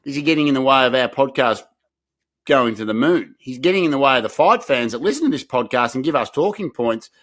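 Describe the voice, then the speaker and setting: A man's voice: mid-range voice, animated, a little fast, a bit bright. An Australian man in his thirties co-hosting a podcast, bantering in a laid-back way with rambling restarts. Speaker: podcast co-host. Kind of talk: casual comedic podcast chat.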